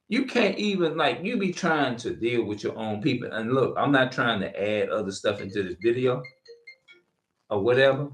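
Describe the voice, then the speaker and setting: A man preaching informally to camera, reading verses and repeating his points with heavy profanity. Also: medium pitch. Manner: emphatic, profane, repeats himself. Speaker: street preacher.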